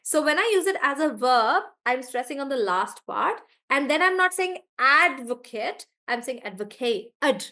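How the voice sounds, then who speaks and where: A woman's voice: sits high, expressive, moderate pace, few pauses, a bit bright. A woman teacher, chatty in a live online class, explaining word stress through spoken examples. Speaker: English pronunciation teacher.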